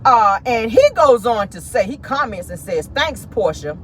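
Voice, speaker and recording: A woman's voice: fairly high pitch, lively intonation, moderate pace, a little hiss or hum. A woman hosting a gossip vlog, talking in a sassy, petty way and calling her listeners "honey" and "child.". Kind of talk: celebrity gossip commentary.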